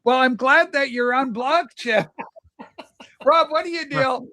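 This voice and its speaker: A male livestream host keeps up casual banter, teasing and exclaiming "holy smokes." He speaks slowly in an extremely high, bright, forceful voice.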